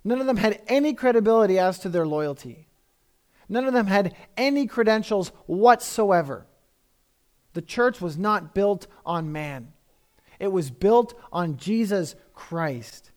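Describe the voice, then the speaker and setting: High-voiced man preaching with emphasis. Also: animated, measured pace. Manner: conversational, emphatic preaching with repeated phrases. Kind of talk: sermon.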